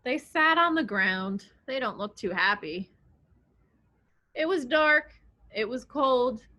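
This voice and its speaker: A woman librarian reading picture books aloud to young children, expressive and coaxing, asking them questions. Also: fairly high pitch, takes it slowly. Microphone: video recording.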